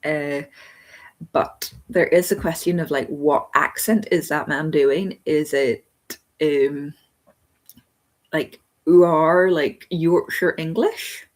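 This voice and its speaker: Woman host, casual live-stream reviewer; low, slightly breathy voice, meandering and talkative. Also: slow, long pauses. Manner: rambling and chatty, thinking aloud with many ums.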